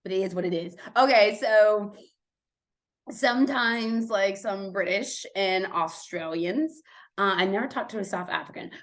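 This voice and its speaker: Woman, American accent, host, casual monologue, blunt, profane, chatty, loud-to-hushed swings. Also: medium pitch.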